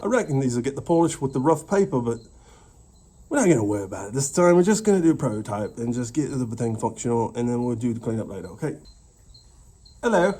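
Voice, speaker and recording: A man's voice: mid-range voice, lively intonation, fast, mellow. A man with a mixed English accent chatting casually and muttering to himself while he builds something by hand. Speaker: DIY maker. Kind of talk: casual workshop narration.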